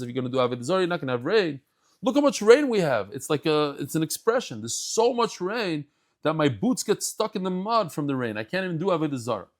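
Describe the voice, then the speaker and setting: A man giving a daily Talmud lesson, telling the stories in an animated way and mixing English with Hebrew and Yiddish terms. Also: on the high side. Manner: animated storytelling, acts out scenes. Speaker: Talmud teacher.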